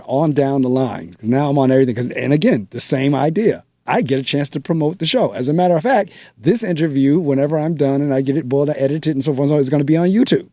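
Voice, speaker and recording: Man, radio host, mellow tone, relaxed chat, dry sound. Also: mid-range voice, no room sound. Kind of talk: casual interview chat.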